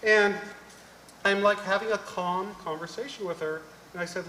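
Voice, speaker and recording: Male panelist, lively storyteller, higher-pitched, roomy hall sound. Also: normal speed. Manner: animated storyteller acting out dialogue. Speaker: conference panelist. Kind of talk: storytelling talk on stage. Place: large conference hall. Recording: echoey hall, faint noise.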